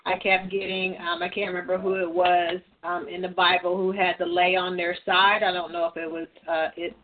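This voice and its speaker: A woman's voice: fairly low pitch, flat delivery, a crowd in the background. Hesitant woman with a dry throat, phone line. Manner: halting, hesitant, many fillers. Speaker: participant on a church call. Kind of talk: casual prophetic sharing on a group call. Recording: tinny phone-line audio.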